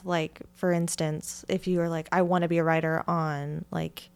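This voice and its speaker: A woman hosting a podcast in casual chat with a guest, chatty and quick to laugh. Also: lowish voice, level tone, clear, resonant tone. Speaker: podcast host.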